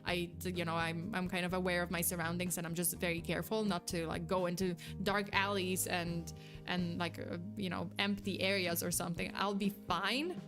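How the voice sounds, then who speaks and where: A young woman chatting casually on a live stream, reacting to chat with quick, giggly, animated replies. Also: on the low side, music in the background.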